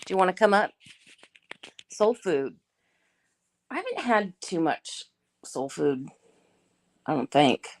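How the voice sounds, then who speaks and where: A woman's voice: fairly low pitch, sing-song, slow, pauses often. Laid-back woman chatting on a livestream. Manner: laid-back, chatty, greets viewers by name. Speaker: livestream host. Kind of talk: casual live chat reading comments.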